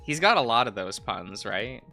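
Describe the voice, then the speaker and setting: A man's voice: medium pitch, very animated, moderate pace, gravelly, sharp tone, faint music behind. A male streamer chatting casually while drawing on a livestream, rambling, laughing often, trailing off and humming to himself.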